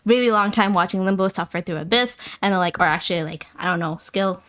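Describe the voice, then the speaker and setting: A woman hosting a livestream, talking casually with her viewers in a rapid-fire, rambling, playful and teasing way. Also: medium pitch, fairly bright tone. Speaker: livestream host.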